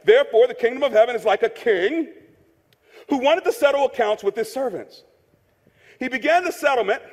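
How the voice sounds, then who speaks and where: High-voiced pastor in a reverberant hall. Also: male voice, expressive, brisk. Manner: conversational, joking, repeats key phrases for emphasis. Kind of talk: sermon. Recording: long reverb of a large hall.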